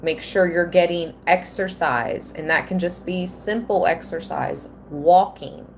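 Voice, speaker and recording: A woman giving a live tarot reading, slow and earnest, at times emotional. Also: on the low side, vocal fry, slight background noise. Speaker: tarot reader.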